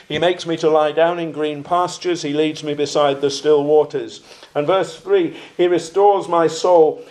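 A middle-aged man preaching a sermon, slow and deliberate, with fillers and phrases that trail off quietly. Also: fairly high pitch.

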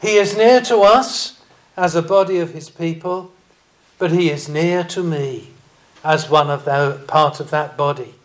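Male preacher, high voice, slow measured delivery, sermon reading scripture. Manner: slow, deliberate preaching with emphatic rises.

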